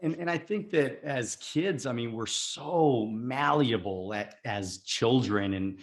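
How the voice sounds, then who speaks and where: A man's voice: mid-range voice, takes it slowly. A man in his forties hosting an interview, sharing a story in a rambling, frank and self-deprecating way, with many repeated words. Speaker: podcast host. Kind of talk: conversational interview.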